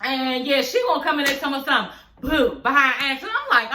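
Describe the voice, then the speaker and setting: A chatty woman recapping a TV episode, her voice bright and a bit high. She swears freely, laughs a lot and keeps talking straight to her viewers. The sound bounces around a roomy, echoey space. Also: big pitch swings, quick pace. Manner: chatty, profane, keeps addressing viewers as y'all and girl; laughs often while talking. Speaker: show recap vlogger. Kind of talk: casual TV episode review.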